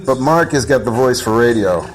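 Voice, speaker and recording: A man's voice: mid-range voice, lively intonation, brisk, soft background music. A man hosting a live internet radio show, chatting casually, laughing often and swearing freely. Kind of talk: casual chat.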